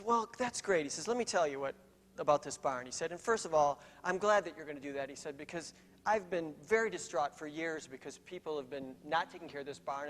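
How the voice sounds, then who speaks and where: A middle-aged man giving a keynote talk, telling a personal story in a conversational way with fillers and restarts. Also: a little high. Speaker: keynote speaker. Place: conference hall. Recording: long reverb of a hall.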